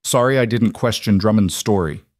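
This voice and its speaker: A man voicing a nervous male shopkeeper, apologetic and fretful, with hurried, apologetic speech. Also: lowish voice, no room sound, studio quality, close to an everyday voice.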